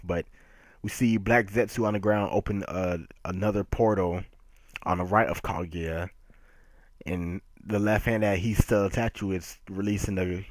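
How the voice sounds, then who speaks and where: Low-voiced man, animated reviewer. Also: dry recording. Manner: animated and emphatic, laughs often. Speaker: manga reviewer. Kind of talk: casual chapter review.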